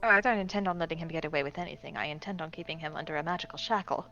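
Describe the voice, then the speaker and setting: A woman's voice: low voice, racing, pushed and bright, faint music behind. Woman player, casual, swears freely, slightly dull sound. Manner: casual, swears, steps into character speeches. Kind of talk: tabletop role-play.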